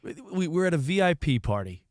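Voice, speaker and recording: Animated, excitable male sports co-host. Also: on the high side, quick pace, dry recording, clean studio sound. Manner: excitable, jokey storyteller. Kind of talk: casual sports talk.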